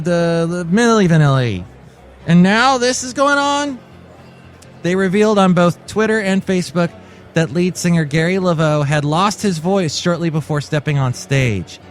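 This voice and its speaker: A man in his forties hosting a comic solo podcast, telling stories in a wry, jokey way. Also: a little high. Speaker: podcast host.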